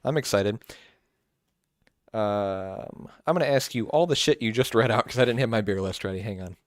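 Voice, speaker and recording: A man's voice: on the low side, moderate pace, no echo, studio quality. A man co-hosting a casual podcast, easygoing, laughing often and dropping in short reactions. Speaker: podcast co-host. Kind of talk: casual chat.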